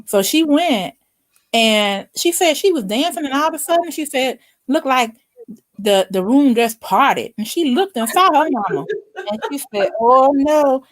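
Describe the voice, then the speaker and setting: Middle-aged woman host, storyteller who acts out the quotes, high voice, dry close sound. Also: animated, normal speed, dry recording. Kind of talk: casual chat.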